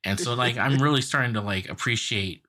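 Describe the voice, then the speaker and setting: A man's voice: mid-range voice, brisk, bright, forceful tone. A man co-hosting a podcast, retelling a cartoon episode in a loose, rambling way with lots of filler words. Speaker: podcast co-host. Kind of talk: casual chat recapping a cartoon episode.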